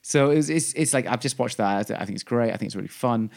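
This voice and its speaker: A man co-hosts a podcast in casual conversation, enthusiastically gushing about shows he loves while rambling through fillers and restarts. His mid-range voice is creaky and a little mellow, and he talks fast.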